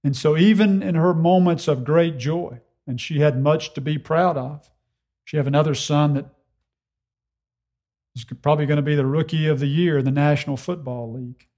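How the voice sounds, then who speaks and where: A man preaching an expository sermon, earnest and emphatic, slowing down to repeat key phrases for weight. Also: a little high, fairly even intonation, a little mellow.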